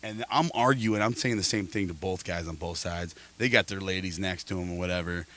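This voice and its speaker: A middle-aged man, a podcast host, telling an animated story in casual chat and quoting people back and forth. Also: deep voice, fairly quick.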